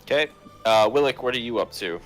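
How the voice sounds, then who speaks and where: A man acting as game master, narrating a tabletop game in an easygoing, unhurried way on a live stream. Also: mid-range voice, expressive, soft background music.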